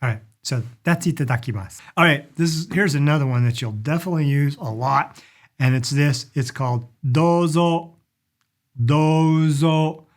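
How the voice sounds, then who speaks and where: A middle-aged man giving a casual lesson on polite phrases, repeating each word slowly for learners. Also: mid-range voice. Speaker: language and culture teacher. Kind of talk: casual instructional talk.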